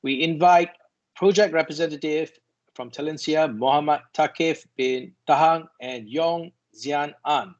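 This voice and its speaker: A man's voice: a little high, measured pace, lo-fi sound. A man from Malaysia hosting a virtual event, making formal announcements with occasional fillers. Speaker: event host.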